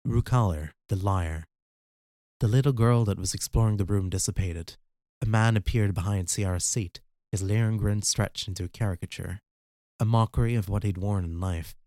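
Low-voiced male audiobook narrator. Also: moderate pace, mellow, no room sound. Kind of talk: scripted narration.

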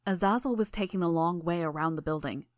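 A woman narrating a first-person fan audiobook in a steady, tense storytelling manner. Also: fairly low pitch, quick pace, dry recording, clean studio sound.

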